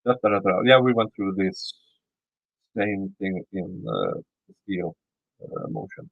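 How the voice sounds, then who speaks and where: A man's voice: sits low, measured pace, gravelly, no echo, phone-quality sound. A man with a Swedish accent reading a legal motion aloud and commenting on it, often stumbling and repeating words as he reads. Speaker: YouTube commentator.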